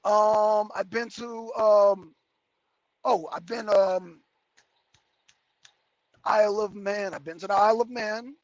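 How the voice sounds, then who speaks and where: Behind the wheel of a big rig, this man chats casually with his livestream audience, cracking jokes and wandering from one viewer comment to the next between driving remarks. He speaks high and steady, slowly, with frequent pauses; the audio is dull and has no room sound.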